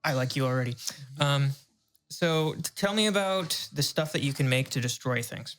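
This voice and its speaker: Halting player asking questions. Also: medium pitch, expressive, a bit bright, faint music behind. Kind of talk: casual tabletop game talk.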